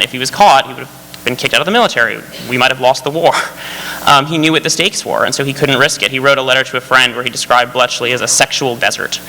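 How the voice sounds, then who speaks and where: A man speaking as a screenwriter on a panel, eager and animated with quick restarts. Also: mid-range voice, big-room sound, slight background noise, low-quality recording. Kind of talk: casual panel talk. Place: large hall on stage.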